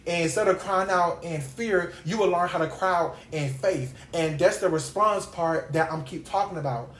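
A woman's voice: fairly low pitch, moderate pace. A woman hosting a podcast Bible study, teaching in an informal devotional style with an emphatic, repetitive preaching cadence. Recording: echoey room.

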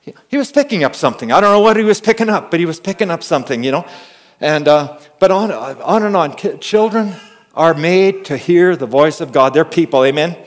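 A man preaches in a fairly high voice, talking to his congregation in a loose, conversational way. He drops to quiet asides and then rises into loud, emphatic lines. He often restarts words and punctuates his points with an amen. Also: expressive, a little fast. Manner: swings from hushed asides to loud emphatic calls, with frequent amens; repeats and restarts words while storytelling. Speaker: pastor. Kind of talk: conversational sermon.

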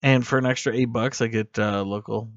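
A man's voice: medium pitch, fairly even intonation, fairly quick, no room sound. Blunt, joking podcast host man. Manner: blunt and profane, jokey. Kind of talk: casual chat. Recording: slightly muffled podcast audio.

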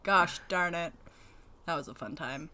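A woman co-hosts a laid-back podcast with a bright, forceful tone. She teases her co-host and speaks bluntly, dropping the odd curse without a second thought. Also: lowish voice, a little slow. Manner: teasing, blunt, swears casually. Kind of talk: casual podcast chat. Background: dog whining.

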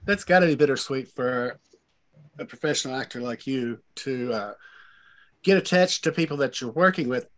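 A woman's voice: rumbling low, moderate pace. A woman hosting a casual interview, asking sympathetic, reflective questions. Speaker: interview host.

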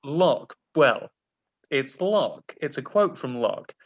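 A man's voice: fairly high pitch, lively intonation, slow, husky, dull audio. A Northern Irish man hosting a quiz podcast, teasing his co-host and laughing often. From Northern Ireland. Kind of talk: casual podcast chat.

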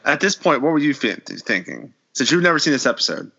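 A man retells a horror episode in casual podcast chat, acting out the characters' lines as he goes. His voice is very bright and swings widely in pitch. The recording sounds dull and lo-fi. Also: sing-song, brisk, gravelly, slightly rough.

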